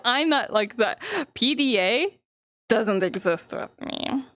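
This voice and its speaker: Giggly, lively-voiced woman streamer. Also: fairly high pitch, takes it slowly, dry recording, studio quality. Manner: giggly, swears freely, rambling. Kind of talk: casual live-stream chat.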